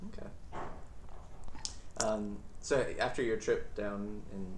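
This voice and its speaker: An interviewer slips in short, gentle questions in a husky voice. The voice sounds quiet and far from the microphone. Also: medium pitch, steady tone, takes it slowly. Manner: brief, soft-spoken questions. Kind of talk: oral history interview.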